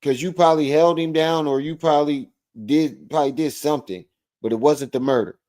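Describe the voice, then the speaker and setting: A man hosting a livestream, reacting to a clip with animated, mocking commentary. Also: on the high side, fairly quick. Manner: animated, mocking, repeats phrases. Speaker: livestream host.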